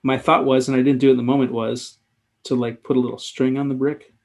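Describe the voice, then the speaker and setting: Male instructor, husky mid-range voice, casual think-aloud tutorial narration. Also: mid-range voice, level tone, fast, a little mellow. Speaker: sketchnoting instructor. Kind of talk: live drawing tutorial commentary.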